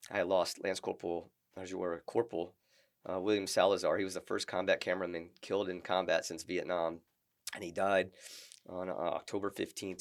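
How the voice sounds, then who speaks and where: A middle-aged man, a retired Marine, telling stories as a podcast guest in a halting, earnest way with many restarts. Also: low-pitched, creaky. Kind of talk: casual interview storytelling.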